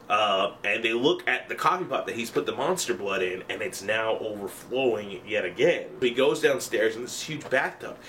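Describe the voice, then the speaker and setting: A young man casually retelling a story in an animated, profane, rambling way. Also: mid-range voice, a little hiss or hum.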